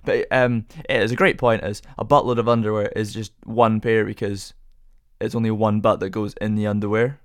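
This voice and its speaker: A man's voice: fairly low pitch, flat delivery, a little fast, dry recording, studio quality. A young man hosting a casual solo podcast, rambling through rhetorical questions with self-amused musing. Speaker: podcast host.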